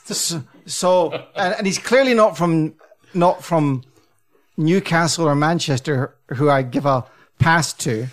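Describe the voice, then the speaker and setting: An English man who enunciates crisply, a podcast regular in casual chat, sardonic and mock-grumpy. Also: fairly high pitch, takes it slowly. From England.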